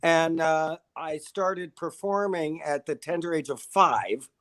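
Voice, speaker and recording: A man's voice: fairly high pitch, slow pace. A middle-aged man from upstate New York, chatting as a guest. He tells his stories with flair and acts out the voices of the people in them. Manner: animated storyteller who acts out the people he quotes. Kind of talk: casual interview chat.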